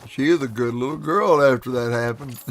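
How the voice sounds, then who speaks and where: A man's voice: mid-range voice, husky. A man telling folksy stories on a live stream, laughing often and acting out what people said. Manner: folksy, laughs often, acts out his quotes. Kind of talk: casual storytelling on a live stream.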